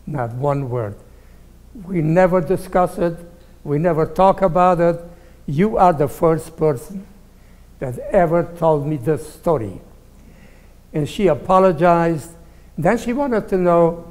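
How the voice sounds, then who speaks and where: Old guy telling his story to a crowd, high voice, big echoey hall. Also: animated, a little slow, darkish tone. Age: older. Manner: plain spoken, repeats quoted dialogue. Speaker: Holocaust survivor speaker. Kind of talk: storytelling talk to an audience. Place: recital hall. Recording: long hall reverb.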